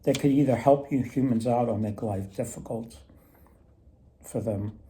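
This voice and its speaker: A man's voice: medium pitch, a little slow, mellow, slight background noise. A man casually retelling folk myths and tales, rambling with many restarts. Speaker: storyteller and mythology presenter. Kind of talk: casual storytelling talk.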